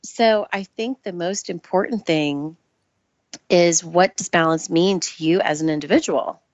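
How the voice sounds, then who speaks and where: Low-pitched lady talking slow and thoughtful, muffled lo-fi line, dead dry sound. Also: no room sound. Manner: thoughtful, measured, restarts phrases. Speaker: Ayurvedic practitioner guest. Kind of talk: casual interview chat.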